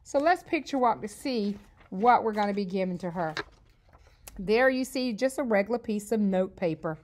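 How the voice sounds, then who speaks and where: A woman's voice: mid-range voice, animated. A woman teaching an early reading lesson to young children, spelling out words letter by letter in an upbeat, encouraging way. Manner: slow, clear spelling out of letters.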